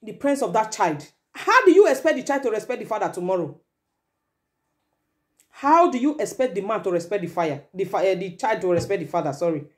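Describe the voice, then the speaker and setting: A woman with a Nigerian accent giving a forceful, lecturing advice monologue as a vlogger, slipping into Pidgin. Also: mid-range voice, big pitch swings, a little fast.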